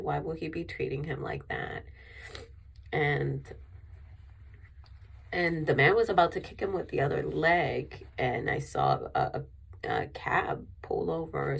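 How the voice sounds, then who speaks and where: A woman's voice: low-pitched, vocal fry, breathy edge. A woman vlogger telling a personal story in a rambling way with many restarts, emotional and near tears.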